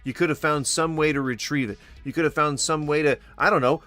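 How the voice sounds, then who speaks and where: A man's voice: on the high side, fairly even intonation, fairly quick, few pauses, bright, forceful tone, no echo, faint music behind. A man commentating on video clips with mocking sarcasm, swearing and mimicking the people he reacts to. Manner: mocking, mimics others in taunting voices, swears.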